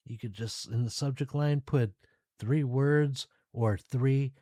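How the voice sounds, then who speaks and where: Slow, mellow-voiced male podcast host. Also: medium pitch, no room sound, studio quality. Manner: relaxed, chatty, addresses listeners directly. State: tired, yawning. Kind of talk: casual solo podcast talk.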